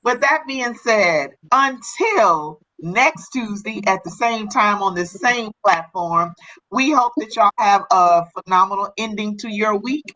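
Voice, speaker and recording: A woman's voice: mid-range voice, expressive, a little slow, sharp tone, rough recording. A woman hosting a live-streamed talk show, chatting casually and encouragingly with her co-hosts and viewers.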